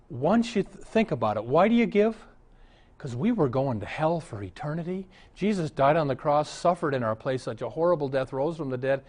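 A man, a pastor, preaching a sermon full of anecdotes, mixing humor with exhortation. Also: medium pitch. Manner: animated storytelling, mixes humor with exhortation.

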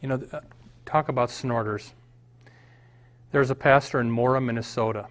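A man's voice: mid-range voice, steady tone, moderate pace. A middle-aged man from the American Midwest, a pastor preaching a sermon, moving from a read-aloud passage to emphatic, rising points.

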